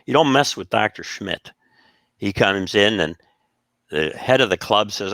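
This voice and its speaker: A man tells stories in casual talk with a very lively, animated pitch. He acts out the people he quotes. The sound is dry and close, with no room echo. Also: a little slow, pauses often. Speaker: podcast co-host telling stories. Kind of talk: casual storytelling.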